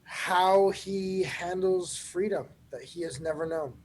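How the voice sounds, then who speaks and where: A man co-hosting a casual recap chat as a player, explaining things in a relaxed way with some fillers. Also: sits high, slow pace, low-quality recording. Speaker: podcast co-host and player.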